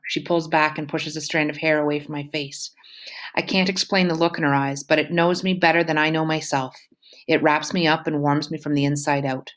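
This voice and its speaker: A woman reading a novel aloud at a steady, unhurried pace, now and then correcting herself. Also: deep voice. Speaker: reader.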